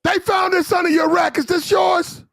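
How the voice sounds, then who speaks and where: A man's voice: level tone, normal speed, dry recording. A man putting on a screaming navy chief. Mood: yelling. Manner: shouting, cursing, high-pitched rage. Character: angry male navy chief chewing out a sailor.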